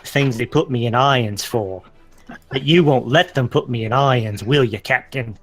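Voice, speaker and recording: A man's voice: mid-range voice, normal speed, faint music behind, lightly acted. A man voicing a creepy, greedy male pirate sailor who talks about himself in the third person. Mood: sly.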